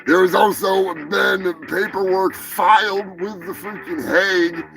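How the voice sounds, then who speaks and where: A male host giving a sarcastic, profane comedic rant on a live show, often breaking into shouts. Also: high-pitched, fairly even intonation, a little slow, gravelly, music in the background, rough recording.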